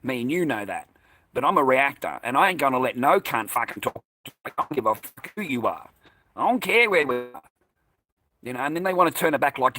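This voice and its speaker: A man's voice: medium pitch, expressive, a little fast, bright, forceful tone. An Australian man telling a personal story in a casual, profane, combative monologue. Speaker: vlogger recounting a personal incident.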